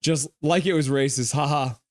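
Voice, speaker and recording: A man's voice: a little high, steady tone, moderate pace, a little mellow, no echo. Man joking through a live game stream. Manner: jokey, teasing, reads chat messages aloud. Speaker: streamer reading live chat. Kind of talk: casual live game reaction.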